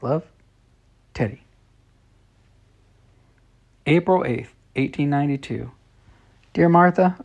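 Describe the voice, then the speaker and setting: Gravelly man reading a storybook. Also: mid-range voice, unhurried, pauses often, a little mellow. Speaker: storybook reader. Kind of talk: reading a children's story in diary letters.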